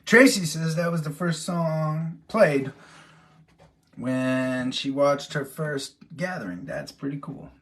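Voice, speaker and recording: A man's voice: on the high side, takes it slowly. A singer-songwriter man hosting a live stream, chatting casually and ramblingly with viewers between songs, over his acoustic guitar. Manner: relaxed, rambling, talks to viewers by name.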